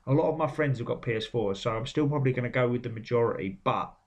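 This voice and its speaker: A man's voice: medium pitch, quick pace, dull audio. A man giving blunt, sweary, opinionated commentary on video game trailers. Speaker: game vlogger. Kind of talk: casual commentary.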